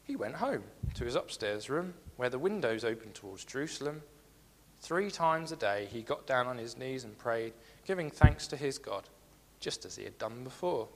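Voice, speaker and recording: A man preaching a sermon in a hall with a long, ringing reverb. His voice sits at an ordinary middle pitch, and he talks earnestly, repeating key phrases and reading scripture aloud between his points. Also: animated, moderate pace.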